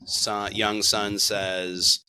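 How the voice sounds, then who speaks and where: A man co-hosting a casual reaction discussion, talking emphatically and rising sharply in pitch and volume when he stresses a point. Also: flat delivery, extremely slow, a little hiss or hum. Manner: emphatic, gets sharply louder and higher when making a point. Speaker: podcast co-host.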